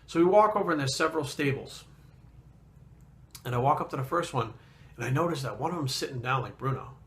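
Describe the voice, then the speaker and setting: A man, a fitness trainer, telling a story in a casual vlog, blunt and animated and swearing constantly. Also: mid-range voice, a little fast, a little hiss or hum.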